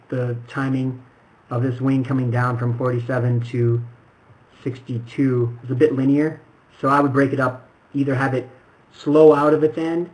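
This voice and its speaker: A man's voice: mid-range voice, low-quality recording. A man acting as an animation mentor, explaining a student film critique. He demonstrates as he talks and sometimes restarts his sentences.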